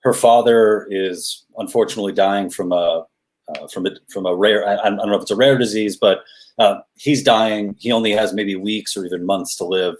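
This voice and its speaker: A man guesting on a chat show as a comedian, talking casually in a halting way with many restarts. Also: fairly low pitch.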